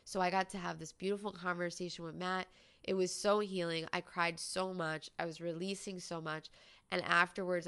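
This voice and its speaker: Woman host, low-pitched, gravelly but smooth voice, candid chatty storytelling with lots of "like". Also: fairly bright tone. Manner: candid, conversational, many "like" fillers. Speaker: podcast host. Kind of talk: personal storytelling monologue.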